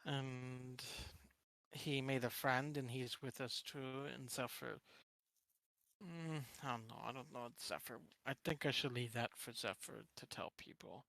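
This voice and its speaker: Guy playing his character at the table, bright dry voice, stumbles and restarts a lot. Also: medium pitch, steady tone, measured pace, vocal fry, dry recording. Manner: casual, hesitant restarts, chatty. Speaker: player. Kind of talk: casual in-character play.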